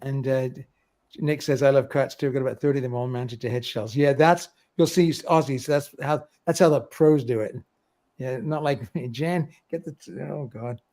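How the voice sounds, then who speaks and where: A man's voice: medium pitch, normal speed, darkish tone. A middle-aged man hosting a livestream, chatting casually, reading viewer comments aloud and laughing often. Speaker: livestream host.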